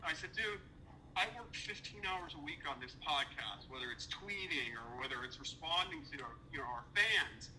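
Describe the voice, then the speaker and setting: This man's voice is fairly high, expressive, bright and forceful, moving at a moderate pace on a low-quality recording with slight background noise. A podcast guest, he angrily recounts a business dispute, swearing freely and acting out quoted dialogue.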